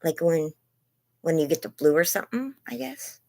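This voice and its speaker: Her low, expressive voice carries vocal fry and a slightly mellow tone at a moderate pace as she livestreams on her phone from bed at home. The host rambles and gushes greetings to viewers by name, her voice fraying as she says it's going and her lungs ache.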